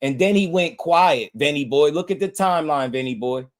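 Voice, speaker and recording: A man's voice: fairly high pitch, expressive, moderate pace. A man hosting a live boxing stream, trash-talking and mocking his chat viewers, laughing often and repeating their names as he taunts them. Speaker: boxing livestream host.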